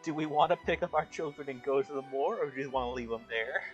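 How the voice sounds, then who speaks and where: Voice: medium pitch, fast talker, muffled recording, faint music behind. A player in a tabletop game, blunt and joking, who swears freely. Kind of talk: casual chat in a tabletop game.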